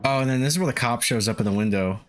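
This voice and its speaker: A man's voice: medium pitch, racing. A man casually commentating his game stream, swearing freely and laughing often.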